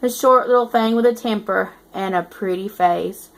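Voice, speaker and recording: With a medium-pitched, natural voice at a moderate pace, a woman reads aloud in the role of a teasing eighteen-year-old male student. She narrates his story as a cocky young college narrator, and the mood is amused.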